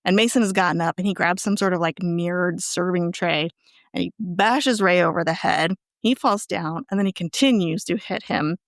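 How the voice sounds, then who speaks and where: This podcast co-host's voice sits on the low side and runs at normal speed. She casually walks through an episode's plot, animatedly performing what the characters said. The studio recording carries no room sound.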